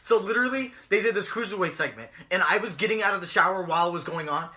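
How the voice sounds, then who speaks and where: A man's voice: high voice, expressive, quick pace, pushed and bright. A young man co-hosting a casual chat show, ranting and mocking with lots of swearing. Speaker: podcast co-host.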